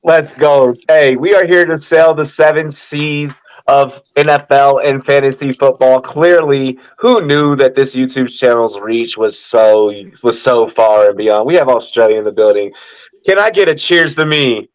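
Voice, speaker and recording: A man hosting a sports talk podcast with hype-man energy. His voice sits at an ordinary middle pitch and he swears freely. The delivery is casual and loud. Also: measured pace, poor audio. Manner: hyped, profane, hype-man announcing. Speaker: podcast host.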